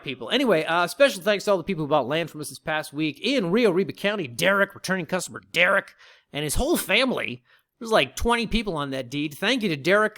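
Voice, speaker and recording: A man's voice: fairly high pitch, fairly bright tone. Wry man selling land. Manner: wry, joking asides, talks straight to viewers. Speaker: land company host. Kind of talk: casual sales vlog.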